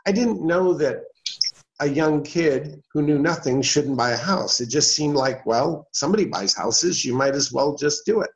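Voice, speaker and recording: A man's voice: on the high side, animated, moderate pace, gravelly. A middle-aged man telling a personal story as an interview guest, folksy and anecdotal, acting out the people in it. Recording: dull lo-fi sound.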